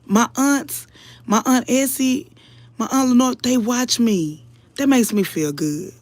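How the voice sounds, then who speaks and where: A woman's voice: fairly high pitch, takes it slowly, darkish tone, no room sound. A woman commentator talking casually to her viewers, earnest and emotional, preaching a little and calling them y'all again and again. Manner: earnest, preachy, keeps addressing the audience as y'all. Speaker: online commentator.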